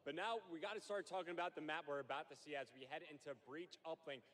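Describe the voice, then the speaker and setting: A man breaking down a video game map as an analyst, explaining in a steady walkthrough with filler words. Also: a little high, quick pace. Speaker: esports analyst. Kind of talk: analysis segment.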